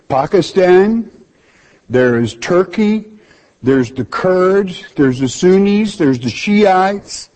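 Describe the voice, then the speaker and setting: A man's voice: on the high side, dark tone. A man preaching a sermon. He reads scripture aloud and bluntly explains it, scolding listeners with rhetorical questions. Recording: dull lo-fi recording.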